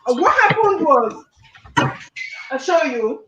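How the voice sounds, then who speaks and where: A woman's voice: sits high, very animated, slow, roomy sound, highs cut off, noisy background. A woman caller on a live call-in show, earnestly recounting a distressing personal dispute and sometimes near tears. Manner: distressed, earnest, repeats points insistently.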